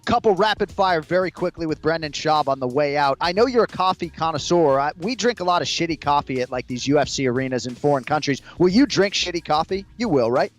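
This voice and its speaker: A man hosting an interview, asking brisk, scripted questions. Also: fairly high pitch, expressive. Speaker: interview host.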